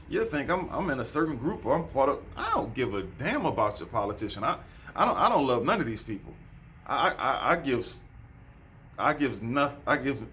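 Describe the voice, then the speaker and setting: A man's voice: medium pitch, a bit bright, a little hiss or hum. Preachy man ranting to his viewers. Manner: preachy, repetitive, addresses viewers as folks. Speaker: vlogger. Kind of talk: casual monologue to camera. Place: outdoors near a road.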